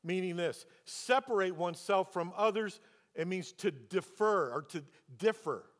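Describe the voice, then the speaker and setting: Pastor preaching in a reverberant hall. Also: male voice, high-pitched, lively intonation, a little slow. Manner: storytelling then preaching with rhetorical questions. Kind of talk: sermon.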